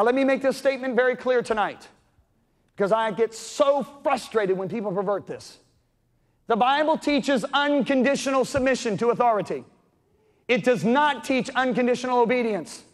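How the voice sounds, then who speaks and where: A man preaching a sermon, telling stories dramatically and swinging between loud calls and hushed moments. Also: very high voice, moderate pace, long reverb tail. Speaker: pastor. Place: church sanctuary.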